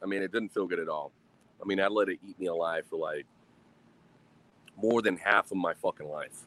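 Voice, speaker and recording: Man, mid-thirties, low voice, rambling casual vlog talk over beer, swears freely, sighs between thoughts. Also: normal speed, a bit bright. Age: 30s. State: drinking beer.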